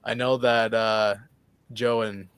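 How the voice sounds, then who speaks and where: A man co-hosting a podcast in casual chat, animated at times and acting out what others might say. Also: lowish voice, takes it slowly, clean tone, no echo. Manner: animated, laughs, acts out quotes. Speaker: podcast co-host.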